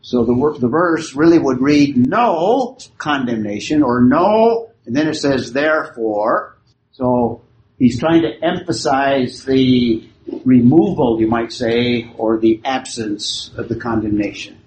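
Man, Bible study teacher, unhurried, faint background hum. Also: mid-range voice, a little mellow. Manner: often checks the class understands. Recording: echoey room.

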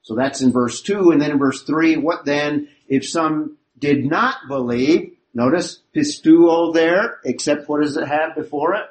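A man's voice: a little high, measured pace, few pauses, a little hiss or hum, rough recording. A man teaching a Bible study class, explaining a passage and asking rhetorical questions of his listeners.

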